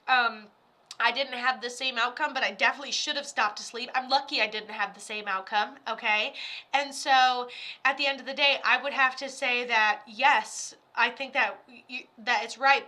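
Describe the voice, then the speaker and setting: A woman with a high, bright, sharp voice gives a live psychic reading. She rambles and chats in loose, slangy sentences and breaks into laughter often. Her delivery is informal and animated. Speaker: psychic medium.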